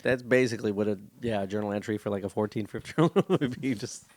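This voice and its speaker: A man's voice: fairly low pitch, fairly even intonation, fast, darkish tone, no echo. A young man in a casual podcast chat, trading crude jokes and banter. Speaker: podcast co-host.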